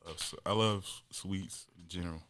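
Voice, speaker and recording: A man's voice: low-pitched, steady tone, brisk, fairly bright tone, a little hiss or hum. A young man co-hosting a podcast, telling jokey stories with a lot of laughter in casual chat. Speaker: podcast co-host.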